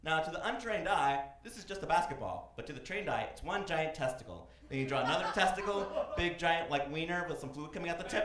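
A man in his thirties performing a stand-up comedy set on a club stage, animated and slipping into loud voices for his characters. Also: fairly high pitch, fast, few pauses, a crowd in the background. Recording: echoey club room.

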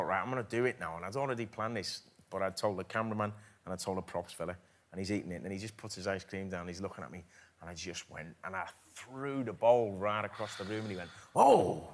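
A man's voice: fairly low pitch, fast talker, fairly bright tone. A man with a Liverpool accent, a guest on a TV chat show, telling stories with frequent laughs. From England. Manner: laughing storyteller, self-deprecating. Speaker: actor guest. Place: TV studio with audience.

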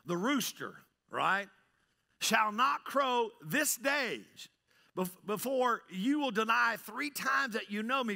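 A middle-aged pastor preaching a dramatic sermon, swinging from loud to hushed and often asking "right?". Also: male voice, sits high, big pitch swings, slow pace, creaky. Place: church sanctuary.

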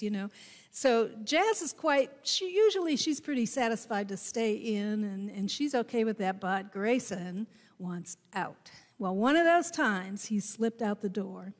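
A woman pastor with a Midwestern American accent, preaching a sermon and telling a personal story with deliberate, emphatic delivery. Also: a little high. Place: church sanctuary. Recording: long hall reverb in a church.

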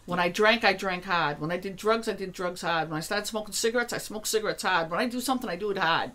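This guest, a New Hampshire woman who writes and does energy work, chats about her spiritual work in a quick, medium-pitched, fairly bright voice. As she gets worked up she becomes insistent, emphatic and blunt, cursing without restraint.

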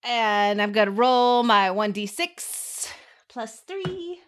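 A woman's voice: on the high side, lively intonation, slow pace, fairly bright tone. A woman playing a tabletop game, giggly and chatty as she announces her rolls. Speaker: player. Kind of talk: casual tabletop play.

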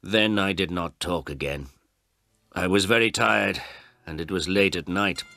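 A man reading a first-person story aloud as narrator, in slow, deliberate, plain sentences. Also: low voice, creaky, pushed and bright. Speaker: audiobook narrator.

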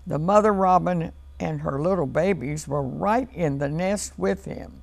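Slow gravelly storyteller woman. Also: fairly low pitch, dry recording. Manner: slow, gentle, child-directed. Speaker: children's TV storyteller. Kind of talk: reading a storybook to children on TV. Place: TV studio.

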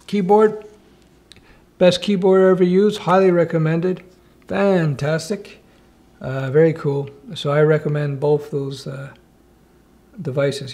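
A man hosts a relaxed live stream from his home office, chatting with viewers and reading their questions aloud. His voice sits a little high for a man and carries a gravelly, fried edge, and he answers with wry, offhand asides.

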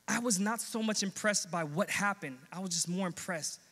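A young adult man preaching, telling a personal story with earnest, animated quoted dialogue. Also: high voice, normal speed. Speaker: pastor. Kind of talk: sermon storytelling. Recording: long hall reverb.

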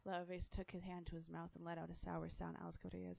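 A woman narrating a storybook aloud in a steady, plain storytelling way. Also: lowish voice, fast talker, creaky, very noisy.

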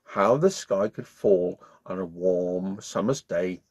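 Slow and low-pitched with a breathy edge, a man reads a bedtime story to children in a playful, friendly manner as the channel's storyteller. He's warm-hearted and playful, and he sings along.

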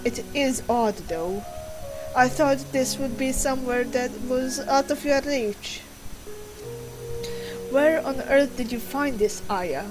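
A woman voicing a stern scientist father who scolds his daughter, reading game dialogue in a slightly lowered voice over game music. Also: takes it slowly, rough recording.

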